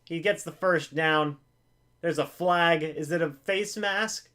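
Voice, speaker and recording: A man's voice: a little high, takes it slowly. A man hosting a live game reaction stream. He calls the plays himself, pleads with the players, and jokes his way through the loss. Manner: excitable, pleading with players, self-mocking humor.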